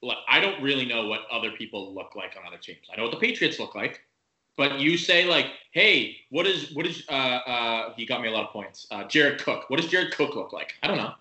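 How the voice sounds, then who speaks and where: A man's voice: mid-range voice, animated, brisk, bright, forceful tone. A young man co-hosting a podcast, rambling and joking with lots of fillers. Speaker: podcast co-host. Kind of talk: casual banter. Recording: echoey room.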